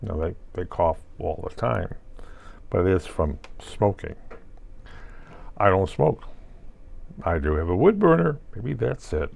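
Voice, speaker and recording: A man's voice: low voice, animated, measured pace, gravelly, pauses often, darkish tone. An older man rambling through a solo monologue, asking himself questions and answering them with wry asides. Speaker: vlogger.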